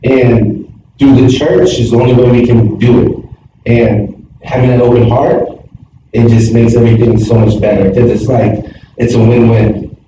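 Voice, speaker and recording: A man's voice: medium pitch, little pitch movement, normal speed. A middle-aged man earnestly sharing his reflections with a church group, rambling with many fillers. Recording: echoey room from far, dull sound, noisy.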